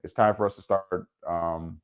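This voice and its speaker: A man hosting a casual livestream responds to viewers' comments in a relaxed, informal chat, his speech heavy with fillers. He's from Wisconsin, and his low voice is steady, clear, and resonant at a normal speed.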